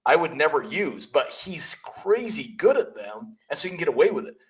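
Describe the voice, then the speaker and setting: A man's voice: on the high side, big pitch swings, normal speed, slight background noise, poor audio. Emphatic man coaching on sales. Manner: emphatic, blunt, storytelling. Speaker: realtor and coach. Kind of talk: casual business podcast chat.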